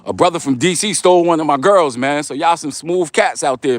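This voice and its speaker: A man's voice: fairly high pitch, animated, normal speed, no room sound. A middle-aged man with a New York accent, walking outdoors before dawn and reading live chat comments aloud in a laid-back, streetwise way. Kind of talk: casual livestream chat while walking.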